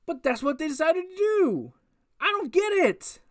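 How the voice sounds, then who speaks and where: A woman's voice: very high voice, big pitch swings, normal speed. A woman giving a casual review of a wrestling show, ranting with exasperated rhetorical questions and frequent swearing. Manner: repetitive restarts and rhetorical questions.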